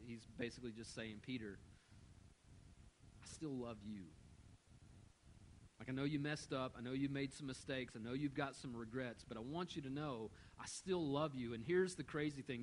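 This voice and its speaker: A man's voice: mid-range voice, slight background noise, rough recording. A middle-aged man preaching a sermon as pastor, telling a story and acting out the quoted voices.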